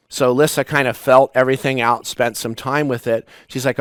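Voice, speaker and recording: A man in his forties, a spiritual teacher, giving a reflective talk with personal stories, halting and restarting as he goes. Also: mid-range voice, a bit bright, clear, resonant tone, dry recording, studio quality. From United States. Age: 40s. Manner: personal, storytelling with pauses and restarts.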